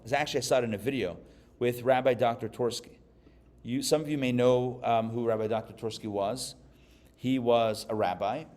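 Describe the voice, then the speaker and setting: A rabbi from Pittsburgh gives a live class to an audience, telling jokes with animated energy. His pitch sits in the middle for a man. Faint noise runs under the recording. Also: normal speed. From Pittsburgh, USA. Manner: animated, joking storyteller.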